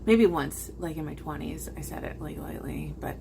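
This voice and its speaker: A woman in her forties vlogging in a casual chat to camera, rambling and halting with lots of fillers. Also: low voice, creaky, background noise. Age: 40s.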